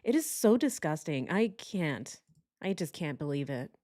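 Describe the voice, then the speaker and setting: A woman's voice: sits low, very animated, unhurried, noisy background. A woman giving casual true crime reaction commentary, indignant and exclamatory, with mocking impressions.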